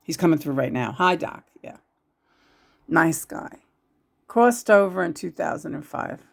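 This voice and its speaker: A woman talking casually as a psychic channeler about spirits. She rambles, restarts often and swings between loud and hushed. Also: deep voice, animated, a little slow, creaky.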